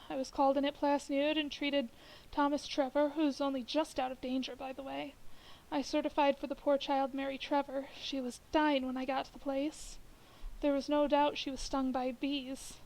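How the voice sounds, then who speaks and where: A woman reading the lines of a skeptical country doctor who answers briskly and dismissively. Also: sits high, a little mellow, rough recording.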